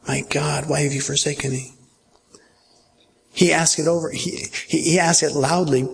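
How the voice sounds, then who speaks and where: A man's voice: medium pitch, gravelly, slight background noise. A man preaching a sermon as pastor, emphatic and repetitive, checking that listeners follow along. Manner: emphatic, repeats phrases, asks listeners if they follow. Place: church.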